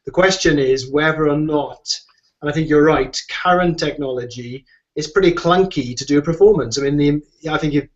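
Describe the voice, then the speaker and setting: A man's voice: a little high, normal speed. A man answering questions in an online discussion, talking in a rambling way with many restarts and fillers. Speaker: guest expert on design. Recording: muffled lo-fi audio.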